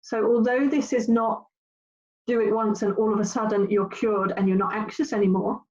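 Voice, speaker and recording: A middle-aged woman coaching viewers on anxiety in a chatty, animated talk. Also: medium pitch, normal speed. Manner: chatty, animated, acts out voices. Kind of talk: talk to camera with slides. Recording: dull lo-fi sound.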